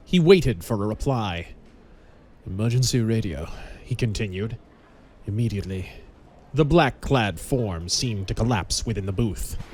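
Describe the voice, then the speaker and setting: A man narrating a pulp audiobook in a measured, dramatic storytelling manner. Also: on the low side.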